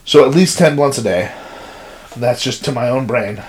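A man's voice: medium pitch, normal speed. A man casually chatting on a podcast, telling loose, profane stories with lots of energy. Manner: profane, animated storyteller. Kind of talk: casual chat.

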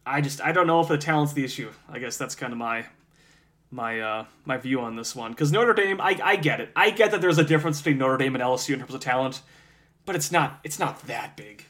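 A man from Wisconsin co-hosting a sports podcast, animated and blunt, laughing often. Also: medium pitch, fairly quick. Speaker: podcast co-host. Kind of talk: casual sports chat.

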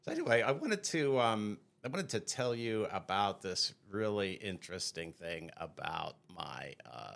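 A man's voice: fairly low pitch, big pitch swings, unhurried, gravelly, hardly any pauses, a bit bright. A man co-hosting a comedy podcast who tells loose, rambling pet stories in casual chat, with restarts and laughter. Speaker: podcast co-host.

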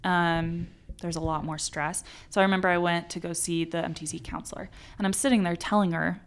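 A woman's voice: lowish voice, steady tone, a little fast. A young woman in her twenties, a podcast guest telling a personal story in an earnest, emotional way. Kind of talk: casual podcast conversation.

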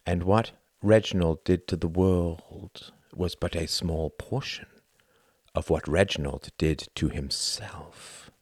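A man reading a novel aloud as narrator, in a measured, dramatic storytelling manner. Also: low-pitched, steady tone, darkish tone, slightly rough, dry recording, studio quality. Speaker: audiobook narrator. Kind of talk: scripted narration.

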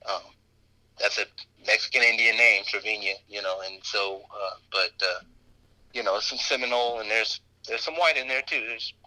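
A man's voice: fairly low pitch, normal speed, sharp tone, rough recording. A man chatting casually as a podcast guest, rambling with lots of fillers and restarts. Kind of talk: casual conversation.

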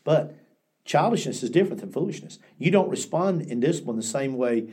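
A man's voice: a little high, expressive, brisk, mellow, breathy edge. An older man, a pastor, telling stories in an earnest, reflective way, often restarting his sentences during a podcast interview. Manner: earnest storytelling with frequent restarts.

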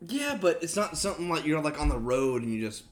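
A laid-back man co-hosting a casual podcast, with a slightly high voice that rises and falls a lot. He laughs easily and sounds a little stumped at times. A faint noise floor sits under the recording. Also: big pitch swings, brisk. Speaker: podcast co-host.

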